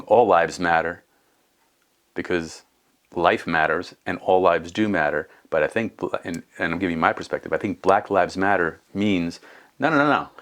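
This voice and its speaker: A man's voice: sits low, fairly bright tone. A man in his fifties talking earnestly in a casual conversation, thinking aloud and restarting his sentences. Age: 50s.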